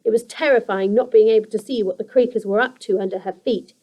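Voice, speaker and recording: A young adult woman teacher reading a children's story aloud in a steady, expressive storytelling manner. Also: on the high side, quick pace, dull audio.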